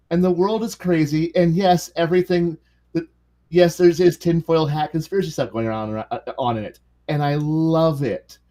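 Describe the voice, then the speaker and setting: Man, podcast co-host, casual rambling talk, fairly high voice, lots of restarts. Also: mellow. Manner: rambling, many restarts and fillers. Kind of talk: casual chat about tabletop games.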